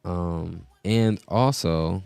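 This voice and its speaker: Man, host, casual live stream chat, rambling, lots of ums, deep, gravelly, smooth, slow, faint music. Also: darkish tone, no room sound. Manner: rambling, many filler words. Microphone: podcast mixer setup.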